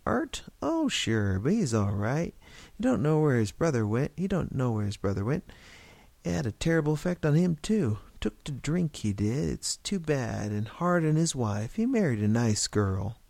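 Gossipy old shopkeeper guy, folksy drawl, a bit gravelly, man reading it out. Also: medium pitch, big pitch swings, normal speed, darkish tone, dry recording, voice pushed up. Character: older small-town male shopkeeper, gossipy.

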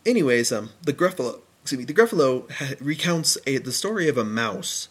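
A man's voice: medium pitch, expressive, brisk, breathy edge. Chatty man rambling about films. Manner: chatty, rambling retellings with acted-out quotes. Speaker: film reviewer. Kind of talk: casual chat.

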